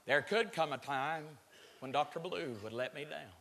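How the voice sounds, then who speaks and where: A man preaching with a high, bright voice that rings through a large church hall with long reverb. He drops to a low murmur, then builds to shouted, drawn-out lines. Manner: stretches words for emphasis. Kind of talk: sermon.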